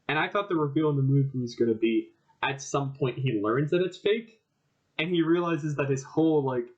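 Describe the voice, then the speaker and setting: A man's voice: on the high side, normal speed, darkish tone. A man co-hosting a podcast, chatting casually about a film and acting out characters in quoted voices. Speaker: podcast co-host. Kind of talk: casual film review chat. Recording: dull lo-fi podcast audio.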